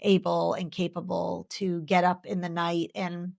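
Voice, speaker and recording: A woman's voice: on the low side, little pitch movement, measured pace, creaky, a little mellow. A woman in her thirties sharing her faith story in an interview, earnest and heartfelt, repeating phrases for emphasis.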